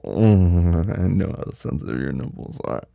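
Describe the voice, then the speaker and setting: Casting: low, gravelly, husky man for a slow, commanding role-play, drifting into whispers. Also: lively intonation, no room sound, phone-quality sound. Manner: commanding and teasing; drops to a whisper at times. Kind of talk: dominant audio role-play.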